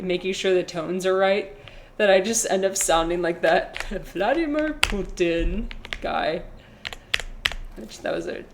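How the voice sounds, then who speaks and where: A woman's voice: lowish voice, noisy background. A young woman livestreaming a game, chatting in a rambling, casual way while reading chat. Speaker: streamer.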